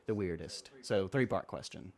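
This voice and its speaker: A man's voice: sits low, normal speed, darkish tone. A man co-hosting a casual podcast chat, often stammering and repeating words as he starts his sentences. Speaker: podcast co-host.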